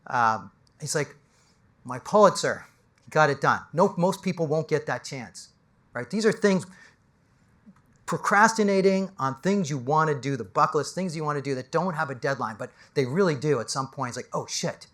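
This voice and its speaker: On stage, a middle-aged man who works as an executive coach delivers a lively motivational talk, his storytelling shifting between loud and hushed. He speaks at a normal speed with a voice on the high side.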